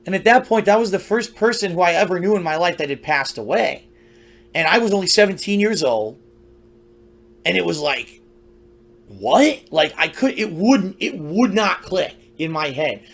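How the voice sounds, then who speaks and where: Man, high-pitched voice, rambling personal storytelling, conversational, frequent restarts. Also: normal speed, fairly bright tone. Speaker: storyteller recounting his youth.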